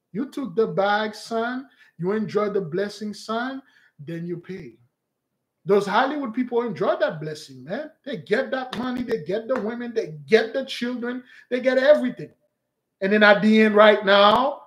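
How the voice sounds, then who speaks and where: Male stream host, high voice, unhurried, repeats himself with insistence. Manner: emphatic, repetitive, preachy. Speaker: online show host. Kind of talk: livestream commentary.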